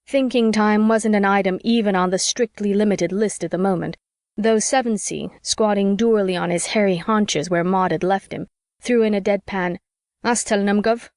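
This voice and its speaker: Woman, audiobook narrator, first-person storytelling, mid pitch, dry close recording. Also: steady tone, moderate pace, a little mellow, no echo.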